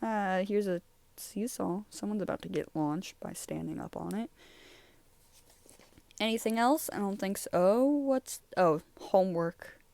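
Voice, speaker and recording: A woman's voice: mid-range voice, measured pace, gravelly, darkish tone. Rambling, giggly young woman. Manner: rambling, giggly, easily sidetracked. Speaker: YouTuber reviewing her own drawings. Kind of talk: casual chat.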